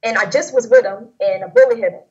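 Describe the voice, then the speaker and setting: A young woman sharing a personal testimony in an interview, talking in a rambling, halting way with many fillers and restarts. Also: on the high side, darkish tone. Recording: dull lo-fi audio.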